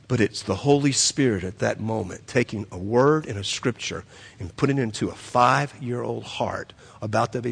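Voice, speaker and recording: A man's voice: mid-range voice, lively intonation, moderate pace, vocal fry, slightly rough. A man preaching a sermon, telling a story and repeating phrases as he builds to emphatic peaks. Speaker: pastor. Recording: long reverb of a hall.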